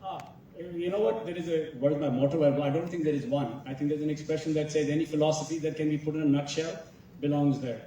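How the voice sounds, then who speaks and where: A director telling animated stories at a festival masterclass, quoting other people as he goes. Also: on the high side, quick pace, a little hiss or hum. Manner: animated storytelling, quotes others. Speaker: film director. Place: large festival hall. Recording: echoey hall, picked up from far off.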